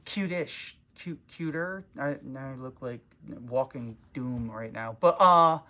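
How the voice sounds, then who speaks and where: A man's voice: mid-range voice, takes it slowly, sharp tone. A man who runs a comic shop, venting in a casual vlog with a profane, self-mocking manner, recorded in his shop.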